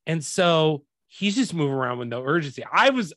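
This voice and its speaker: A man's voice: fairly high pitch, big pitch swings, brisk, a bit bright, dry recording, clean studio sound. A man hosting a podcast, telling a long story as a profane, exasperated rant in a casual way. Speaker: podcast host.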